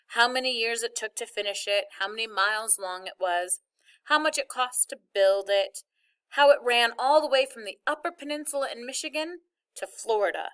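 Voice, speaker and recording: A woman reading a novel aloud as its first-person narrator, telling the story in a wry, lively way. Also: a little high. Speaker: audiobook reader.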